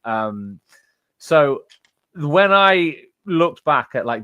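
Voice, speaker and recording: A man's voice: on the high side, sing-song, very slow, a bit bright, clear, resonant tone, no echo. Chatty man with a dry close sound. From England. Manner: rambling, many fillers and restarts. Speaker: audiobook narrator. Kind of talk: casual chat.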